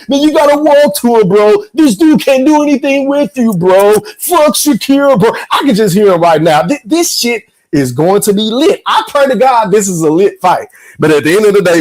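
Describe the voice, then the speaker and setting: A man's voice: high voice, rough recording. A man hosting a podcast, giving emphatic, slangy fight-prediction commentary. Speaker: podcast host.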